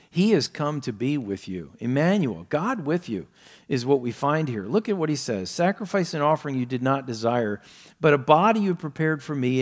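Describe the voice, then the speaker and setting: A man preaching a sermon, telling a story with emphatic rises and soft, low passages. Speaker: pastor.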